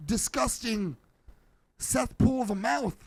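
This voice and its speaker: This podcast co-host has a very high-pitched voice and talks at a slow pace, recorded dry. Reacting to videos in a relaxed chat, he jokes and mocks with animation, sometimes breaking into shouts.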